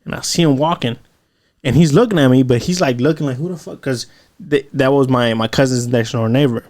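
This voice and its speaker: A male podcast host with a middle-pitched voice who talks in a loose, rambling way, full of swearing and fillers. The sound is dry and close to the mic, with no room around it. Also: a little fast, a little mellow, dry recording. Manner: loose, profane storytelling with lots of fillers. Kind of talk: casual chat.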